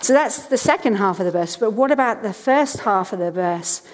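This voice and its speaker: A woman's voice: mid-range voice, expressive, normal speed, big-room sound. A woman in her thirties preaching a sermon from a church stage, telling family stories chattily and repeating key lines with earnest emphasis.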